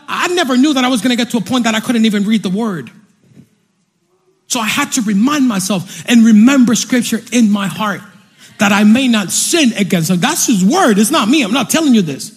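A man preaching a fervent, repetitive sermon from a church stage, breaking into sung and shouted lines. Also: very high-pitched, lively intonation, a little fast, husky.

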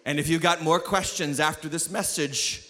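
A man preaching a sermon as lead pastor, telling the story with jokes and sudden shouts. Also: on the high side, fairly even intonation, moderate pace. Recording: long hall reverb.

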